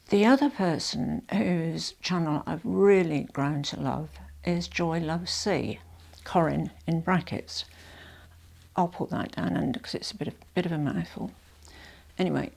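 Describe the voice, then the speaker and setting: Chatty older woman with a gravelly low voice. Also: a little mellow. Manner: chatty, rambling, self-correcting. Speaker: fashion vlogger. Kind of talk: casual chat to camera. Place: at home.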